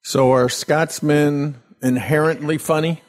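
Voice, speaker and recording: A man's voice: fairly high pitch, fairly even intonation, measured pace. A man hosting a radio interview, asking playful, teasing questions. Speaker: radio host.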